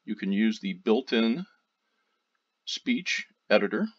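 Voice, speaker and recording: A man narrating a software tutorial, walking through steps one by one with loose, casual phrasing. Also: on the low side, slow pace, breathy edge. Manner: steady step-by-step explaining, loose phrasing. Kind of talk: screen-recorded tutorial narration. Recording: dull lo-fi audio.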